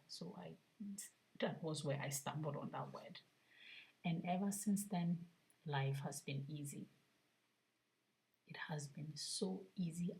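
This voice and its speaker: A woman vlogger sharing a personal spiritual testimony, soft-spoken and often half-whispered, earnest and reflective. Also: sits low, creaky, poor audio.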